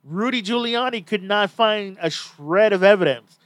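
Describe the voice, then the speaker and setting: A man's voice: sits high, normal speed, a bit bright, no echo. Blunt, swearing male podcast host. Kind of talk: casual chat.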